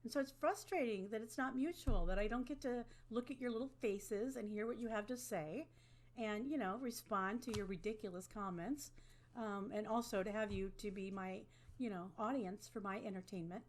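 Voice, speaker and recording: A woman's voice: mid-range voice, normal speed. A woman teaching an online class to a webcam, talking in a conversational way and often checking in with "okay?". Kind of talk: online lecture.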